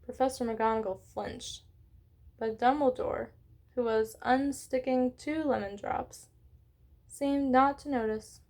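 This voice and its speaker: A woman reading a children's book aloud in a slightly high voice. She narrates, then breaks off to chat with listeners and apologize for her slips. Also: fairly even intonation, takes it slowly, darkish tone. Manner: chatty, stops to ask questions and apologize for slips. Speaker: read-along host.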